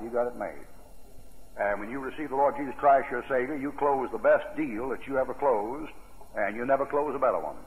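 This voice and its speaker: A man preaching a sermon in a folksy, emphatic way. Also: medium pitch. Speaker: pastor. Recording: tinny, echoey old radio broadcast.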